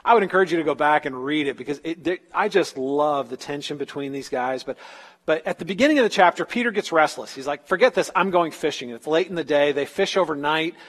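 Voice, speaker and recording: A man's voice: on the high side, lively intonation, fast, big-room sound. A man preaching a sermon in a casual storytelling way, acting out the quotes in everyday slang. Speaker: pastor.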